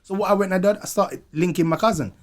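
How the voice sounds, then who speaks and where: A man's voice: high-pitched, quick pace. A young man from Montserrat, a guest telling his life story in slang-heavy casual chat.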